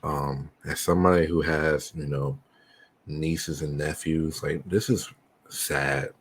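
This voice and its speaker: A man hosting a reaction video, talking softly and hesitantly with many fillers. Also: extremely low pitch, steady tone, takes it slowly, a little hiss or hum. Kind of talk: casual reaction commentary.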